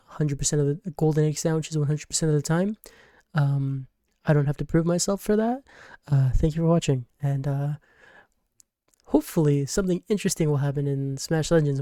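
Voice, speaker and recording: Rambling mellow-voiced gaming YouTuber. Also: medium pitch, smooth, no echo, clean studio sound. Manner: rambling, many fillers, acts out character lines. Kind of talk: casual game recap.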